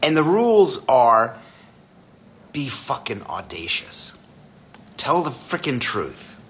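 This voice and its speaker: A man's voice: medium pitch, sing-song, slow, fairly bright tone. A man hosting a live stream as a designer, chatting casually with viewers in a blunt, profane way.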